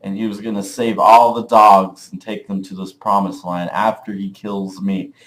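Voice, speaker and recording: Rambling young man with a lowish voice. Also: little pitch movement, moderate pace, a bit bright. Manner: rambling, full of "like", profane. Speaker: vlogger. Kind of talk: casual storytelling to camera.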